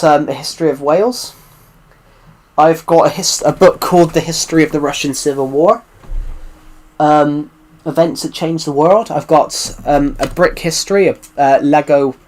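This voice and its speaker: A man's voice: on the high side, normal speed, darkish tone. A British man from the UK chatting casually on a live stream, rambling and circling back to repeat himself as he answers viewers' questions. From United Kingdom. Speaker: livestreamer answering chat.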